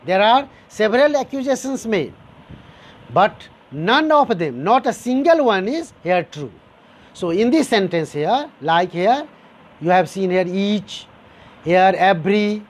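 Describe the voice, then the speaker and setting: Male teacher, grammar lesson, slow deliberate delivery, lively rising and falling pitch, repeats examples. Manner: repeats example sentences, explains step by step; addresses listeners as dear students.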